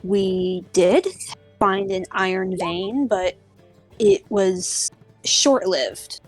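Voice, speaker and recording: Woman doing a tired, gloomy man miner, halting and complaining. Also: fairly high pitch, darkish tone, soft background music, close to an everyday voice. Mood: glum. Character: weary, upset male miner.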